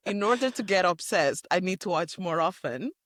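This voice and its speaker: A woman's voice: lowish voice, lively intonation, dry recording. Easygoing woman co-host, dry close sound. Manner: halting, agreeable, laughs along. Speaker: podcast co-host. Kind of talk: casual chat recapping a TV show.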